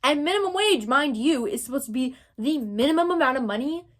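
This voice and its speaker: Young woman, commentary vlog, rambling, filler-heavy, slightly high voice. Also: lively intonation, brisk. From Texas. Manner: rambling, thinks aloud with many "like"s. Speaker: commentary creator.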